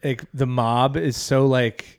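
A young man in casual podcast chat, easygoing and quick to laugh, often halting mid-sentence. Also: medium pitch, steady tone, gravelly. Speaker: podcast co-host.

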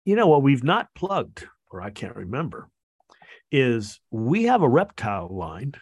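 A man co-hosting a casual podcast, talking in halting stretches with lots of fillers and restarts. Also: medium pitch, huge pitch swings, breathy edge, no room sound. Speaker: podcast co-host.

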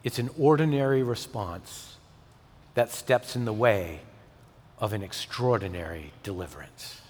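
A man's voice: fairly low pitch, a little slow. Man preaching in a reverberant church. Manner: dynamic preaching, rising to emphatic peaks and dropping to soft, intimate tones. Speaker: pastor. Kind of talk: sermon. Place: church sanctuary. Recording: long hall reverb.

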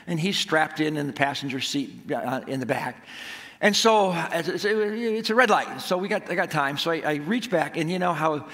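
A man preaching a sermon, telling a family story in an animated way before turning to scripture. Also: on the high side, moderate pace. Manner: animated storytelling, acts out his own shouts. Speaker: pastor. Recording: long hall reverb.

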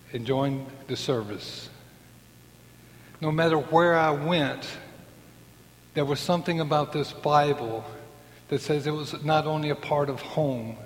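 A man in his sixties giving an earnest personal faith testimony, acting out the voices of people in his story. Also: a little high. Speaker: testimony speaker. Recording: long hall reverb.

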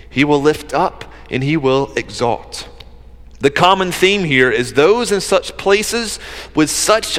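An earnest male preacher with a slightly raised pitch, talking through his sermon in a conversational way with casual asides. His voice carries a long reverb, as in a large hall. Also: a bit bright.

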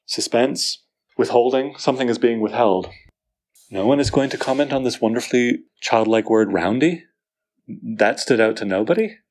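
A man teaching a poetry class, enthusiastic, asking students questions and reading verse aloud slowly. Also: medium pitch, a little mellow. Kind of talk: classroom lecture.

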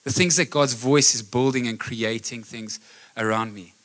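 A man preaching a live sermon, building to loud emphatic repeated lines. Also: mid-range voice, fairly even intonation, moderate pace. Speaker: pastor. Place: church hall.

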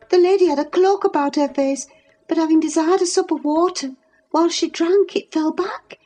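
A woman's voice: very high-pitched, warm tone, pitched above the performer's own voice. A woman voicing a frantic young servant girl, gasping and stammering in an audiobook reading.

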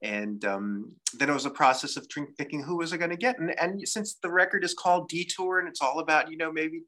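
Bright-voiced man, relaxed storyteller. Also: on the high side, fairly quick. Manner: relaxed, reflective storytelling with frequent fillers. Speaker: saxophonist guest. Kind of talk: casual interview chat.

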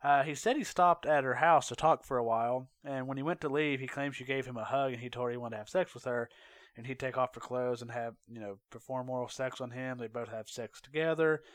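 Male true crime podcaster, mid pitch, casual and unpolished, dry close sound. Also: brisk, no room sound. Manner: conversational, with fillers, self-corrections and asides.

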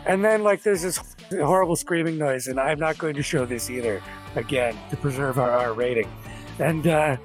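A man's voice: fairly high pitch, moderate pace, soft background music. A man narrating a tabletop game as game master in a casual, jokey, rambling way.

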